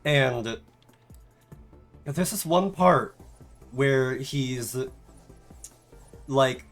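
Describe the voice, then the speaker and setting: A man's voice: mid-range voice, a bit bright. A man streamer chatting casually, rambling off on tangents and filling his talk with "like" and "um.". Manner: rambling, filler-heavy, tangents. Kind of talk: casual chat.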